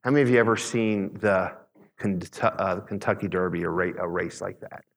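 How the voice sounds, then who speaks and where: A man preaching a sermon as pastor, emphatic, slowing on key words and asking the congregation questions. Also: sits low. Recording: long reverb in a large hall.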